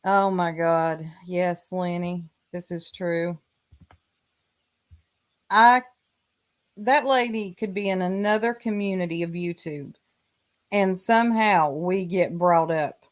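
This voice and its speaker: Slow-talking Southern woman streamer. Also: fairly low pitch. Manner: chatty, mocking, greets viewers by name. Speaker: livestream host. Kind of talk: casual livestream chat.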